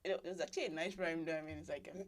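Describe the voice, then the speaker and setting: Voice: medium pitch, fairly even intonation, racing. A host running a casual live radio chat show, upbeat and giggly as she explains how listeners vote.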